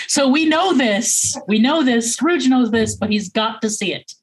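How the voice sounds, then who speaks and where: A woman co-hosting a podcast, chatting in a relaxed way and laughing often. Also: on the high side, slow pace, breathy edge, rough recording. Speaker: podcast co-host. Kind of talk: casual podcast chat.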